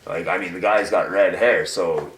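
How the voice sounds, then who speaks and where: A man hosting a casual hockey chat, loud and excitable, swearing freely and laughing often. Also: low-pitched, moderate pace, a little hiss or hum. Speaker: host of a hockey show. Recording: echoey room.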